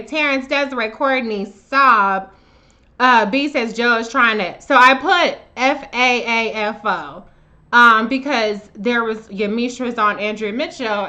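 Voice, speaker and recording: A woman hosting a casual live stream, greeting viewers by name and talking in a blunt, profane, animated way. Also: mid-range voice, dull audio. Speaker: livestream host. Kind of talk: casual livestream chat. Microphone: own camera on a live stream.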